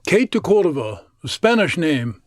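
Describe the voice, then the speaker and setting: A man's voice: fairly high pitch, sing-song, moderate pace, no room sound, studio quality. A man voicing an effusive, spirited elderly woman who exclaims and gushes, in a told story. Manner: exclaiming, gushing.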